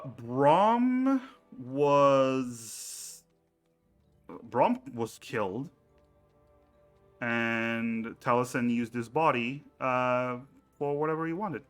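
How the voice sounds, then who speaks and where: A man acting as game master, explaining campaign lore in a halting way, with many fillers and restarts. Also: mid-range voice, lively intonation, a bit bright, smooth, soft background music.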